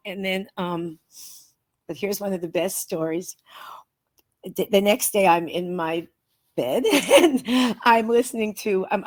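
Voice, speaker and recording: A woman guest in a studio interview, telling a personal story in an earnest, animated way and often restarting her sentences. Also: mid-range voice. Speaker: guest, author and researcher.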